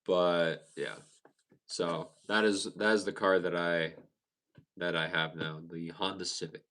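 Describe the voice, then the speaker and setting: A young man with a low voice hosts a live stream and chats with viewers. He talks in a loose, easygoing way and often restarts sentences partway through. The voice is relaxed, like he is talking to friends. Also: a little slow. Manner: relaxed, chatty, many restarts and stumbles. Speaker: livestream host. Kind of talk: casual live chat reading viewer comments.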